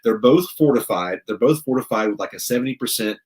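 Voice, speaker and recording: A man's voice: medium pitch, lively intonation, fast talker, a little mellow. A man from the American South hosting a casual wine show, explaining with rambling restarts and jokey asides.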